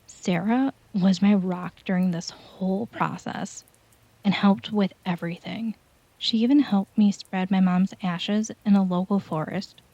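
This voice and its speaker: A woman narrates a first-person horror story in a slow, measured, calm way. Her voice is mellow and dark rather than bright. The recording sounds dull and lo-fi, close and dry with no room sound. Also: medium pitch, vocal fry, dry recording.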